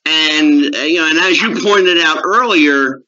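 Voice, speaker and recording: A man's voice: on the high side, measured pace, sharp tone. A man hosting a podcast interview, introducing topics and adding brief encouraging remarks. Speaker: podcast host. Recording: muffled lo-fi audio with clear noise.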